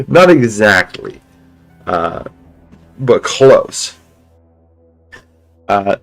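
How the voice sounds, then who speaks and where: A man's voice: mid-range voice, takes it slowly, faint music behind, rough recording. A male streamer casually retelling a story in a rambling way, full of restarts and filler words. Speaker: game streamer.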